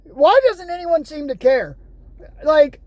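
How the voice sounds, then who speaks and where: A high-pitched woman from the United States vents in an angry vlog rant, sarcastic and exasperated. Her voice sits close and dry. Now and then she reads news headlines aloud. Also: animated, takes it slowly, darkish tone, dry recording. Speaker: vlogger.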